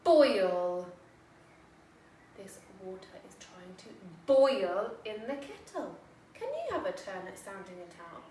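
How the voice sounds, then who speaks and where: Slow, sing-song English woman teaching phonics. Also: medium pitch, wildly swooping pitch, warm tone. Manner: slow, sing-song and encouraging, sounding words out. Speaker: infant school teacher. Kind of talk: phonics lesson for young children. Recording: echoey room, voice from a distance, faint background noise.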